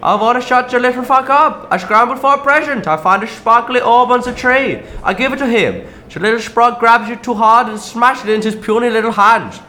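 Playing a short-tempered Christmas demon with fangs and horns, a man grumbles through a comedy sketch in an aggrieved, self-pitying, gruff manner. His fairly high voice is animated, pushed and bright.

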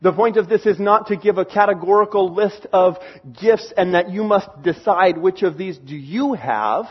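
Guy preaching a sermon, fairly high voice, kinda muffled lo-fi sound, explains verses and leans on key words. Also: moderate pace, breathy edge. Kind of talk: sermon teaching from scripture.

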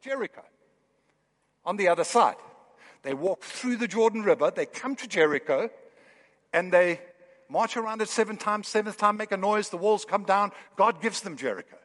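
A man preaching a sermon in a church, with animated, building emphasis. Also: high-pitched, moderate pace, big-room sound. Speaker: pastor. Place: church hall.

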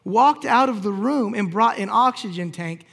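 A pastor telling a personal story in a sermon, acting out the lines of the people in it with humor. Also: male voice, high voice, lively intonation, moderate pace, creaky, fairly bright tone. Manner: storytelling, acts out quoted dialogue with humor.

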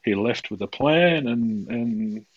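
A man's voice: mid-range voice, lively intonation, takes it slowly. A man hosting a podcast over a video call, with a middling voice. He rambles and restarts often, talking loosely, and the call audio sounds a little dull and lo-fi. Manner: rambling, many restarts and fillers. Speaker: podcast host. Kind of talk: casual conversation.

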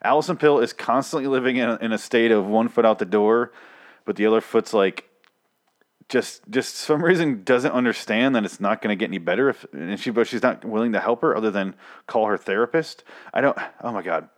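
A man's voice: lowish voice, fairly quick. A man hosting a casual TV review, rambling, swearing freely and correcting himself as he goes. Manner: rambling, profane, self-correcting. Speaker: host of a TV review show.

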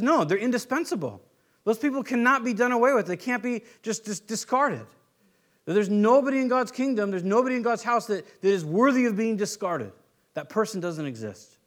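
A man preaching a sermon in a conversational way, acting out little everyday scenes with quick playful voices. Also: high voice, a bit bright. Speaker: pastor. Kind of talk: sermon teaching.

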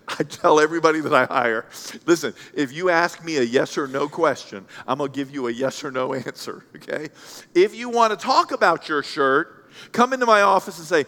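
A man preaching a Sunday sermon, blunt and animated, acting out the voices of the people in his story. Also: fairly high pitch, fairly quick. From Central Kentucky. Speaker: pastor. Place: church sanctuary. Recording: long hall reverb.

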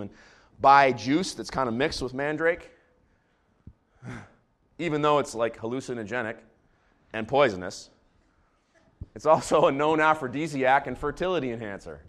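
A man's voice: medium pitch, a bit bright. A man who is a pastor, preaching a conversational sermon to a large congregation with joking asides. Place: church before a large congregation.

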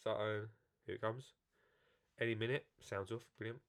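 Background noise sits under this man's fairly low, steady voice, delivered at normal speed. Nursing a cold, the author and gardening presenter rambles and jokes with viewers about his gardening book during a casual live video, restarting frequently.

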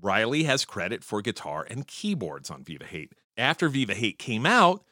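A man talking in a casual, opinionated monologue about music history, swearing often and jumping up in pitch whenever he gets excited. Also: normal speed, no room sound, studio quality. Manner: profane, opinionated and animated, with frequent swearing; pitch jumps high when excited.

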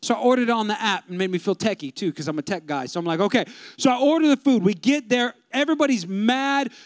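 Pastor in his 30s, high smooth voice, dry close sound, comic storyteller who talks to the congregation. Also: quick pace, dry recording. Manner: animated, humorous, addresses the congregation. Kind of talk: storytelling sermon.

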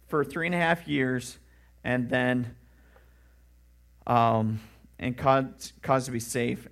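A man's voice: medium pitch, gravelly, fairly bright tone. A man, a pastor, preaching a sermon in an earnest, conversational way with emphatic rising questions.

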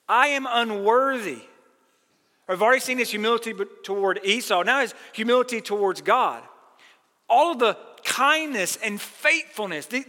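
A man's voice: sits high, sharp tone. A man preaching a sermon as pastor, talking earnestly and lifting his voice when he quotes scripture. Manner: earnest preaching, quoting scripture with rising emphasis. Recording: long hall reverb.

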